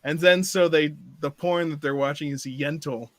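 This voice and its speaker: A man's voice: fairly high pitch, steady tone, unhurried, a crowd in the background. A man co-hosting a casual movie review chat, joking and quoting lines in put-on voices, laughing often. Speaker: podcast co-host.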